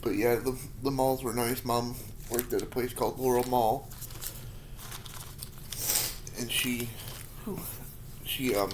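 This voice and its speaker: Man, thirties, rambling casual chat, eating hot peppers, mid pitch, faint background noise. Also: flat delivery. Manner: rambling, self-deprecating, with pauses from the heat. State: mouth full, feeling spicy heat. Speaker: vlogger answering viewer questions.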